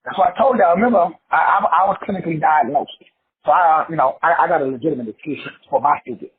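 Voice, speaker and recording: A man's voice: a little high, fast, breathy edge. A man from Texas giving a profane, emphatic motivational monologue, repeating phrases for effect. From Texas, USA. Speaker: motivational speaker. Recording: tinny phone-like audio.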